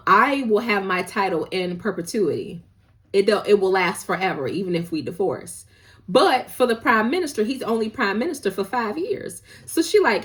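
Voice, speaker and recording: A woman hosting a casual drama recap, talking in a playful, gossipy, slangy way and acting out the characters' lines. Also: mid-range voice.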